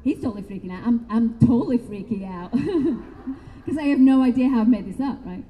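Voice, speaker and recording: A middle-aged woman speaking to a live expo audience, telling her story in a chatty, animated way and often checking in with "right?". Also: fairly high pitch, normal speed, big-room sound, lo-fi sound. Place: expo hall talk.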